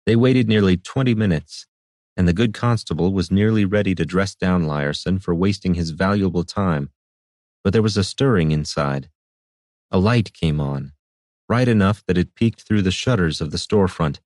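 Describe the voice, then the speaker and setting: Deep-voiced man narrating a fantasy audiobook. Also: normal speed, a little mellow, no echo, studio quality.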